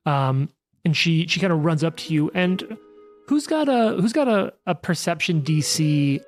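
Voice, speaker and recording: A man's voice: a little high, expressive, faint music behind. Rambling male game master. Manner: rambling, filler-heavy, bursts of fast asides. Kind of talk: narrating a tabletop game.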